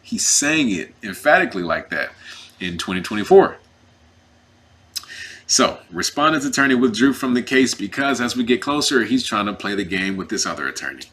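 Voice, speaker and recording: A man who is representing himself in a custody case tells his story in a casual, animated and indignant way, acting out what others said. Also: fairly low pitch, normal speed, slightly rough. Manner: emphatic, indignant.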